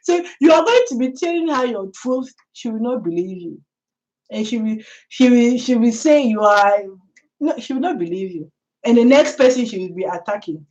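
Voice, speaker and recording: Woman vlogger chatting to camera, bit high voice, laughs a lot, muffled lo-fi audio. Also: animated, normal speed, darkish tone. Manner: chatty, laughing, speaks straight to the viewer. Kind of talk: casual storytelling commentary.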